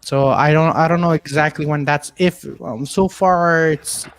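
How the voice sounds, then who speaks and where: A man's voice: fairly high pitch, steady tone, measured pace. A man, a comedian, chatting on a live video call show, rambling and hesitant. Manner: hesitant, rambling with many fillers. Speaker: comedian and podcast co-host.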